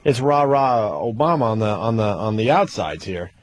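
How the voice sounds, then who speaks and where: A man's voice: on the low side, lively intonation, no echo. A man co-hosting a radio show, asking the guest questions in casual chat. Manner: quick interviewer, asks questions and eggs the guest on. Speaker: radio co-host.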